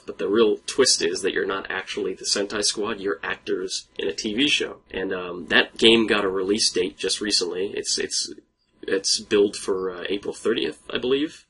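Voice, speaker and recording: A young man co-hosts a casual podcast, laughing often and cursing offhandedly. His voice sits low, with a husky, gravelly fry running through it. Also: bright, forceful tone. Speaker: podcast co-host. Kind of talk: casual chat.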